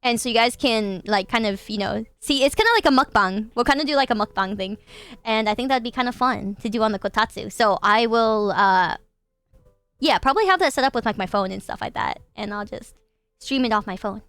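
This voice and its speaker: Bubbly high-voiced woman streamer. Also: a little fast, fairly bright tone, smooth. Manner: bubbly, chatty, giggly, lots of filler words. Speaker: livestream host. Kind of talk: casual chat with viewers.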